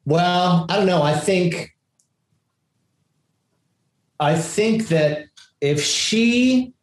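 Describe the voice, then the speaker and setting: A man chatting casually on a podcast and giving measured, reasonable advice. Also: high-pitched, animated, echoey room. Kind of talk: casual chat.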